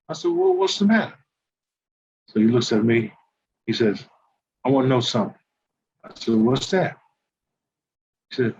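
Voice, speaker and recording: Older man telling animated stories. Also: medium pitch. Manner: animated, acts out quoted dialogue, laughs while telling. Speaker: podcast guest, former basketball player. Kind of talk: casual anecdote storytelling. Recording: slightly muffled with faint background noise.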